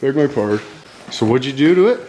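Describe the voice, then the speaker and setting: A man's voice: medium pitch, animated, brisk, darkish tone, slight background noise. Rowdy man with a swinging voice. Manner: swears constantly, teasing, laughs a lot. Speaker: vlogger. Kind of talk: rowdy casual banter. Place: outdoors by a store.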